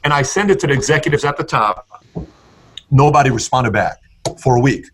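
Medium-pitched and a bit bright, a man speaks fairly quickly as a podcast guest, with slight background noise behind him. He animatedly recounts his story, emphasizing points and voicing what people said in different tones.

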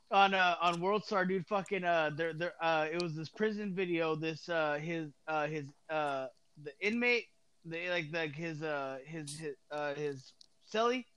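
A man in casual conversation who keeps halting and reaching for words, his sentences full of fillers. His voice is high and smooth. The sound is dry and close, with no room around it. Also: fairly bright tone, no echo. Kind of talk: casual chat.

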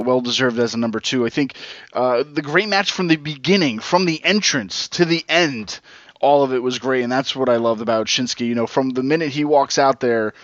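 A man co-hosts a casual podcast at an ordinary pitch. He rambles, loses his thread and restarts often. The recording is dry and slightly dull. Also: dry recording. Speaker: podcast co-host.

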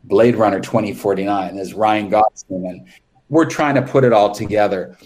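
On an interview podcast, a guest who works as a makeup artist tells casual, candid stories about his film work, rambling and often restarting. His voice is on the low side and darkish, moving at a moderate pace.

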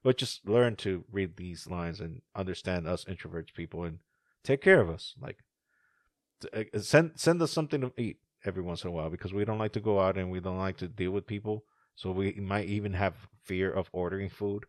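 A man co-hosting a podcast in casual chat, animated and profane, laughing often. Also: deep voice, a little fast, no echo, clean studio sound. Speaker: podcast co-host.

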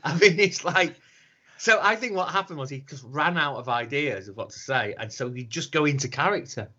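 A man talks over a casual podcast with a bright, lively voice that swings up and down in pitch. He swears freely and mocks with gusto, and the recording sounds a little dull and lo-fi. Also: a little fast. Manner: animated, sweary, laughs a lot, mocking. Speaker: podcast co-host. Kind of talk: casual chat.

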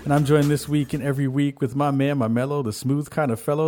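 An adult man hosts a podcast in easy, joking banter. He tells stories in an animated rush and never sits still on one thought. His voice sits in an ordinary middle pitch for a man. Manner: animated, joking, fast storytelling. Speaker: podcast host.

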